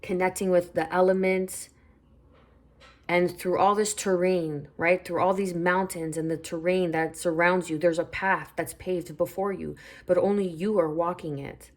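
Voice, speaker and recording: A woman giving a spiritual tarot reading, unhurried and reflective, repeating phrases as she pulls cards. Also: fairly low pitch, steady tone. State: hiccuping. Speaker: tarot reader.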